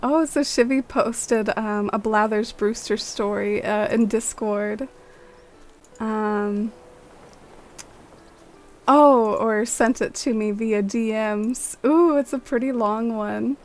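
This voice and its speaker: A young woman streaming a game, chatting in a friendly way with viewers and musing aloud. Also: on the high side. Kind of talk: casual chat with viewers.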